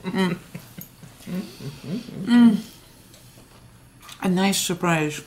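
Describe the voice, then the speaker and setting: A woman's voice: on the low side, extremely slow, darkish tone, slight background noise. A woman chatting casually in a home kitchen vlog, giggly and self-mocking. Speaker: home cooking vlogger.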